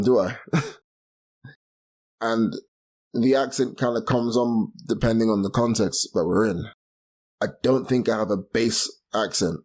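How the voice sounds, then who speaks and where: A young London man hosts a solo podcast, rambling casually in a fairly low, darkish voice. He's self-deprecating and laughs at his own slips.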